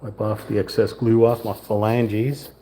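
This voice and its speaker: A man's voice: fairly low pitch, flat delivery, measured pace, mellow, a little hiss or hum. A man hosting a livestream, chatting casually as he assembles a wooden model kit and narrates each step to himself. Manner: chatty, self-talking, mild southern lilt at times. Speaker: livestream host building a puzzle kit. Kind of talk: casual hands-on build narration.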